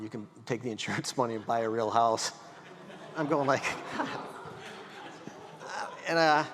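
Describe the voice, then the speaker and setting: Brief: middle-aged male guest speaker, folksy animated storyteller, mid pitch, long reverb of a hall. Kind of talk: storytelling talk. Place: event hall.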